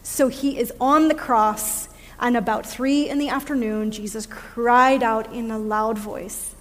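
A woman with a fairly high voice delivers a sermon, reflective and conversational, with small fillers along the way. Her words carry a long reverb, as in a large church hall. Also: steady tone, unhurried. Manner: reflective, with fillers and gentle laughs. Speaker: preacher. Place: church sanctuary.

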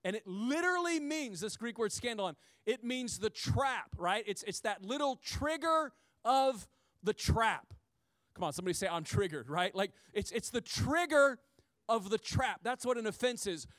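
High-voiced man preaching a lively sermon. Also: normal speed, no echo, clean studio sound. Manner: conversational and animated, with frequent asides to the congregation; repeats key phrases for emphasis. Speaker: pastor.

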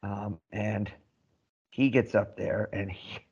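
A man with a lowish voice spins a dry, wry anecdote in casual podcast chat, stopping and restarting as he goes. The sound is muffled and lo-fi, with the top end dulled. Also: fairly even intonation, slow, a little mellow, husky. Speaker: podcast co-host and army veteran.

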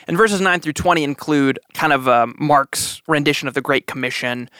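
A man's voice: a little high, moderate pace, bright, forceful tone, clear, resonant tone, dry recording, studio quality. A man co-hosting a podcast, chatting casually and cheerfully about the Bible, laughing often. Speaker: podcast co-host.

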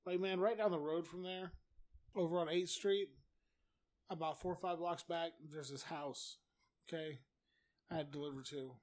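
A man's voice: fairly high pitch, fairly even intonation, moderate pace, pauses often, darkish tone. Profane man telling a story. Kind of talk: casual storytelling chat.

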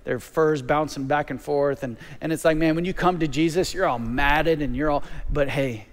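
A man preaching a sermon as a pastor, animated, with repeated phrases and quick stammered restarts. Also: a little high. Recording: long reverb of a large hall.

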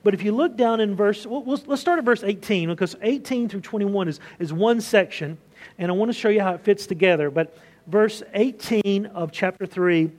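A man's voice: high-pitched, moderate pace, a little mellow. A man in his thirties, a pastor preaching a conversational sermon, asking rhetorical questions and restarting phrases as he goes.

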